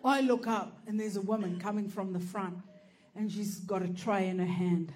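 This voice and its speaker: A woman's voice: mid-range voice, steady tone, normal speed, darkish tone, slight background noise. A woman doing stand-up, telling a story animatedly, swearing and laughing through it. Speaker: stand-up comedian.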